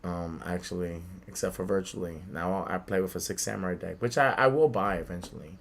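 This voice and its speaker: A young man from the Bronx telling a childhood story in casual podcast chat, animated, swearing freely and acting out the voices of people he quotes. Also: low voice, brisk, gravelly. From the Bronx, New York. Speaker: podcast co-host. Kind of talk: casual storytelling among friends.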